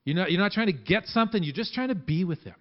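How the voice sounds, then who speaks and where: Conversational pastor, lo-fi church sermon. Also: male voice, high voice, animated. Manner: conversational, halting with many restarts.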